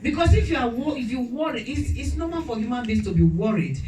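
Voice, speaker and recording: A woman's voice: a little high, expressive, fast talker, music in the background. A woman preacher giving a chatty sermon, telling stories about herself and often laughing. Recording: echoey room, distant mic, faint noise.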